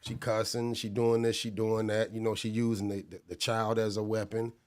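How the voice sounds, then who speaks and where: A man's voice: fairly low pitch, flat delivery, normal speed, a little mellow, clear, resonant tone. A man, co-hosting a casual talk show and laying out a scenario while checking in with the other host. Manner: prompting, checks in with the listener. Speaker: podcast co-host. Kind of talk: casual chat.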